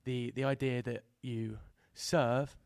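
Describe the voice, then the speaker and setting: Young man, gravelly, hesitant, restarts, dry mic. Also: medium pitch, flat delivery, takes it slowly, a little mellow, no room sound. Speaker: podcast guest. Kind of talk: casual discussion.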